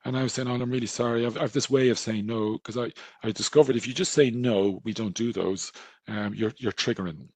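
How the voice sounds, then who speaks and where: A middle-aged man with an Irish accent presents a webinar in an easy, conversational way, acting out the voices in his anecdotes. His voice is husky with a gravelly edge. The recording is close and dry. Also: lowish voice, steady tone, brisk, a little mellow, dry recording. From Ireland. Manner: conversational storytelling, acts out quoted dialogue.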